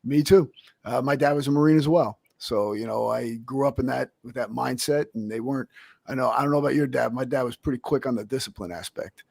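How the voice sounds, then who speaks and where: A man's voice: medium pitch, a little fast, gravelly, a little mellow, slightly rough, no room sound, clean studio sound. A man hosting a podcast, talking in an upbeat, motivational way. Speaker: host. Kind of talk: casual podcast interview.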